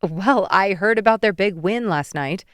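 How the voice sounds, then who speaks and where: Woman narrator as a caring middle-aged mother, brisk, teasing, motherly, clear resonant tone. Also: mid-range voice, no echo, studio quality, lightly acted.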